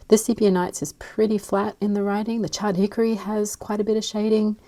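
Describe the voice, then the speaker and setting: An Australian woman chatting casually and rambling as she swatches inks, with soft murmured asides. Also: fairly low pitch. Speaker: fountain pen ink vlogger.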